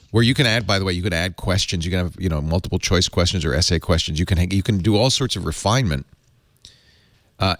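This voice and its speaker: A lively middle-aged podcast host from Rhode Island, with a low-sitting voice, chats casually about tech and delivers a live ad read. His ad delivery is animated and rambling, full of restarts, and the recording is dry and studio quality.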